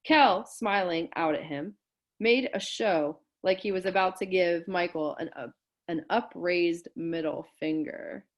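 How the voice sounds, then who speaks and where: A woman teacher reading a novel aloud to her class, raising her voice for the dialogue and stopping to explain terms. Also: measured pace. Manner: reads dialogue with lively lifts in pitch and volume, stopping to explain words.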